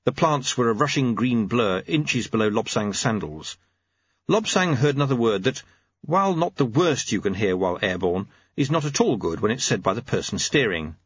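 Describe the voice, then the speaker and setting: Male narrator, husky, lively intonation, dry close sound, lo-fi. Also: medium pitch, normal speed, dry recording. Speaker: audiobook narrator. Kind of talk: scripted narration.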